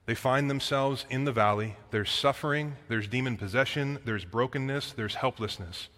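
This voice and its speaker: A man's voice: mid-range voice, normal speed, fairly bright tone. A man preaching a conversational sermon, reading scripture aloud and explaining it to the congregation. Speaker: pastor. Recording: long reverb of a hall.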